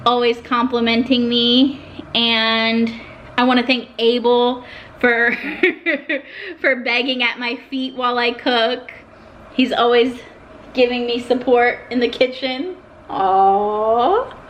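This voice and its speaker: Young woman vlogger, candid and heartfelt, fairly high bright voice. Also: slight background noise. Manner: heartfelt, emotional at times. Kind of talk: casual talk to camera.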